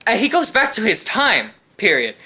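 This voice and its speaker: A woman's voice: medium pitch, wildly swooping pitch, moderate pace, bright, forceful tone. A young woman in a casual comedic movie rant, profane and sarcastic. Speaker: movie reviewer.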